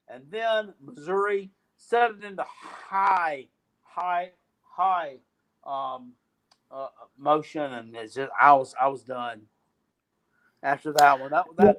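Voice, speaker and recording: A man hosting a casual sports rant, profane and rambling, with frequent restarts and trailing thoughts. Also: on the high side. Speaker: podcast host.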